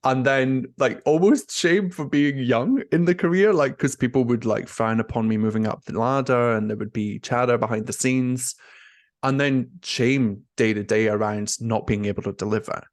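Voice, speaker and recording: A man's voice: on the low side, moderate pace, no echo, studio quality. A young man talking openly and emotionally as an interview guest, with a constant stream of "like" and "you know". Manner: emotional, expressive, heavy use of "like". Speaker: nurse coach, interview guest. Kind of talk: candid conversational interview.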